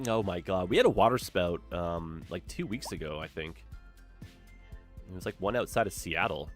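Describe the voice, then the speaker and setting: A man streaming a city-building game, chatting casually and reacting with dramatic exclamations. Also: fairly low pitch. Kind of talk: casual gameplay commentary.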